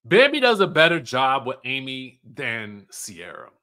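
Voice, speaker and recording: Bright, chatty man recapping reality TV. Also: mid-range voice, unhurried. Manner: chatty and animated, acts out cast members' lines. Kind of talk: casual episode recap.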